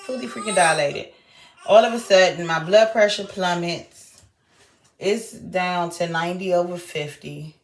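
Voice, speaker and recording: A young woman vlogging, telling a story in a lively way and acting out everyone's lines. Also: on the low side, measured pace, a little hiss or hum. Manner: animated retelling, acting out quoted voices. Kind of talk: casual storytelling vlog.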